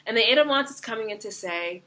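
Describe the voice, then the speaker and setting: A young woman talks through a tarot reading in a chatty, unfiltered style, cursing freely and laughing along the way. Her voice is bright and forward. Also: on the high side, fast. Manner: animated, swears freely, laughs often. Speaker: tarot reader.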